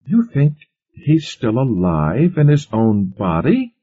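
A man's voice: medium pitch, huge pitch swings, takes it slowly, husky, no room sound, voice pushed up, exaggerated voice. A man voicing a skeptical woman who questions and presses insistently. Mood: doubtful. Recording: muffled lo-fi recording.

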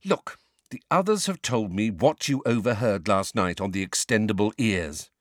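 A man doing a brisk know-it-all teenage girl, raised pitch, lively lilt, dry sound. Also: no room sound, close to an everyday voice. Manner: brisk, exasperated, lecturing. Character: bossy clever teenage girl.

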